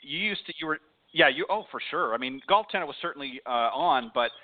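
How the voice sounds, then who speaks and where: Canadian host on a tinny phone line. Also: male voice, fairly high pitch, animated, a little fast. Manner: brief agreeing replies, casual. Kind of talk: interview chat.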